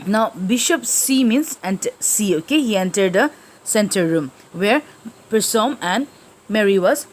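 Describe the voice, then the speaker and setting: A woman's voice: medium pitch, animated, measured pace, rough recording. Woman teacher explaining a literature text. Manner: explanatory, frequent fillers and check-ins.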